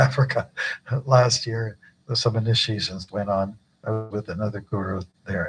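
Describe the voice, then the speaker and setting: A man's voice: lowish voice, slight background noise, rough recording. An older man, a guru, giving an informal initiation talk at a temple gathering, chatty and joking with many fillers.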